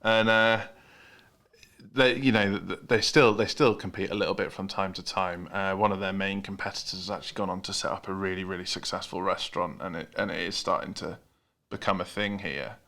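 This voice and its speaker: With a deep voice, vocal fry and a sharp tone, a British man hosts a podcast, talking a little fast with fairly even intonation. It's a casual interview chat in which he laughs easily and restarts phrases.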